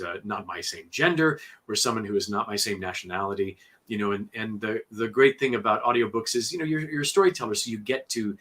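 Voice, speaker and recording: A man who narrates audiobooks, telling studio stories in a lively interview with lots of fillers and restarts. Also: lowish voice, breathy edge. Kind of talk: conversational storytelling interview.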